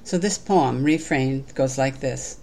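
A spiritual speaker giving an inspirational talk and leading a guided meditation in a calm, measured, gently instructive way. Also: mid-range voice, vocal fry, a little hiss or hum.

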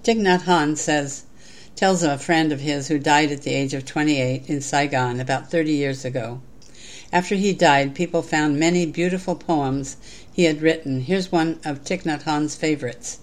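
A spiritual speaker giving an inspirational talk and leading a guided meditation in a calm, measured, gently instructive way. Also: medium pitch.

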